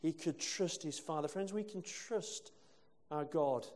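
A man's voice: on the high side, unhurried, a little mellow. A male preacher from England giving a conversational sermon with rhetorical questions and asides. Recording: long hall reverb.

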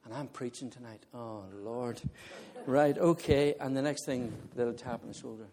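A male preacher giving a sermon, telling a funny personal story in an animated way and often laughing as he talks to the congregation. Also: medium pitch, normal speed, slight background noise. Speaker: visiting preacher.

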